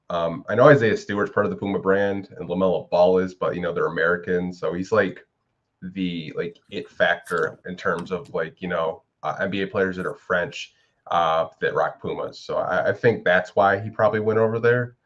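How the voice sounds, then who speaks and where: A man with a very low voice talks in a loose, rambling way, packing his sentences with "like" and "you know". He sounds like a co-host on a casual sports podcast. The audio is a bit dull and lo-fi.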